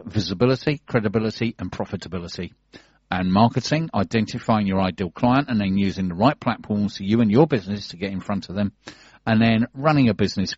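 A man with a London accent reads business event listings on a radio show, keeping it chatty and joking. His voice sits low and husky. The studio sound is dry and a little dull. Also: no echo. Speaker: radio co-host reading business news. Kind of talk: casual radio chat and listings reading.

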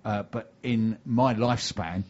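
Husky-voiced older man hosting a radio chat. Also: lowish voice, fairly even intonation, a little slow, a little mellow, dull audio. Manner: chatty, repeats himself, playful. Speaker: radio show host.

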